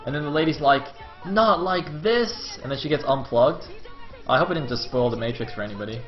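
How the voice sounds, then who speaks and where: A medium-pitched young man talks fast while casting a video game solo on his stream, rambling and leaning on fillers. Some chatter sits behind him, and the lo-fi stream sound is slightly dull with faint music.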